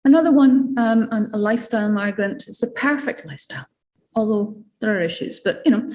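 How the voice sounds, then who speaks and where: A woman's voice: mid-range voice, animated, brisk, darkish tone, slight background noise. Scottish woman giving a chatty seminar talk. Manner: conversational, with frequent fillers and asides. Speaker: academic lecturer.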